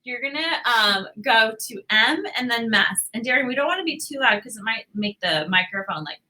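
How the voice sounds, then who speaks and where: A woman with a high, bright voice leads a casual language lesson from home. She talks in an upbeat, chatty way and keeps encouraging the parents who follow along. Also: animated, normal speed. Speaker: host teaching a language phrase to parents.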